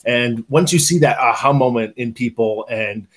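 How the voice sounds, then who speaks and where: Podcast host guy, bit husky, easygoing storyteller. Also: mid-range voice, moderate pace, a bit bright. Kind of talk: casual interview chat.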